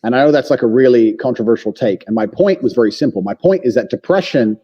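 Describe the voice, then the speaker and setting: A man as a podcast guest, talking bluntly and forcefully with lots of swearing and emphatic claims. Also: mid-range voice, animated, fast talker, slightly rough. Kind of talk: blunt opinionated conversation. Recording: long reverb, dull lo-fi sound.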